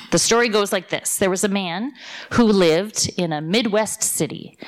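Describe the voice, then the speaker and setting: A woman preaching a sermon, retelling a parable and a modern story in a lively storytelling way. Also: mid-range voice. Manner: lively storyteller, voicing characters in quotes.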